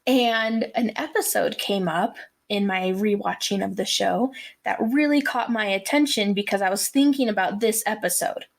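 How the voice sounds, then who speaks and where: A woman's voice: mid-range voice, normal speed, creaky. A woman co-hosting a podcast in casual chat, retelling scenes and acting out the quotes. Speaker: podcast co-host.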